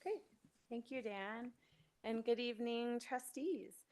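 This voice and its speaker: A woman's voice: fairly high pitch, takes it slowly, darkish tone. A middle-aged woman, an education and outreach manager, gives an upbeat, welcoming formal presentation at a city board meeting.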